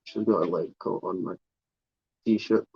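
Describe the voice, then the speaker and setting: A man with a low, gravelly, husky voice speaks a little slowly with fairly even intonation and a slightly mellow quality, with no room sound. Hosting a casual livestream of his pet reptiles and spiders, he chats fondly about his spider and now and then coos baby talk at her. The close tripod-mounted camera gives a dull, slightly lo-fi sound.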